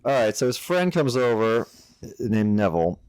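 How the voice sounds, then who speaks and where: A young adult man co-hosting a podcast, recapping a film in a dry, deadpan way. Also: medium pitch, normal speed, clean tone, no room sound. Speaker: podcast co-host. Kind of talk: casual chat, recapping a film.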